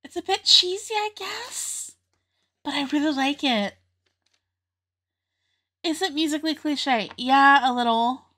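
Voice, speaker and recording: A woman's voice: high voice, a little slow, long pauses, pushed and bright. A young woman hosting a casual music reaction video, chatty and openly emotional, often laughing as she talks.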